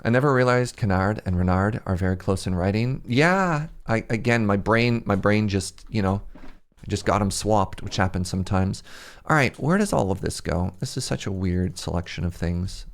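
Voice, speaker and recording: A man's voice: on the low side, moderate pace, creaky. A young man streaming a game, chatting casually and rambling, laughing at himself often. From Canada. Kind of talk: casual livestream chat while gaming.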